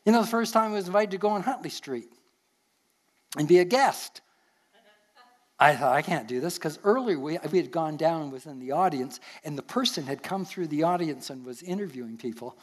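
Older Canadian pastor telling stories. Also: male voice, fairly high pitch, lively intonation, moderate pace. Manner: storytelling, earnest, chuckles at himself. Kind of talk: sermon.

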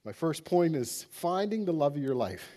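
A man preaching a sermon as pastor, speaking plainly and relaxed, halting with many fillers. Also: a little high.

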